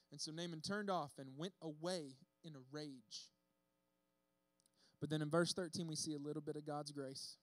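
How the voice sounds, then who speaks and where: A man delivers a sermon in a relaxed, conversational way, bouncing into acted-out voices for the people in the story. His voice sits high for a man, and the sound is dry and close with little room echo. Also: normal speed. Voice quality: bearded speaker. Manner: casual, animated storytelling with acted-out quotes. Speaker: preacher.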